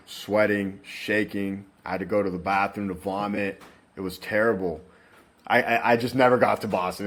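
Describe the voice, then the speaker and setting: Candid young man with a lowish voice. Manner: candid, swears, frequent "like" and "you know". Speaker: interview guest. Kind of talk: casual storytelling.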